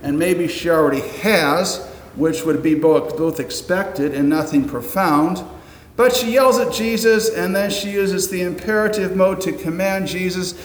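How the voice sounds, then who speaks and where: Man in his fifties, pastor delivering a casual sermon with dry asides; a touch higher-pitched, recorded in a reverberant church sanctuary with faint ambience. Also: unhurried, a little hiss or hum. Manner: conversational, wry asides, rhetorical questions. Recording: roomy echoing hall, faint ambience.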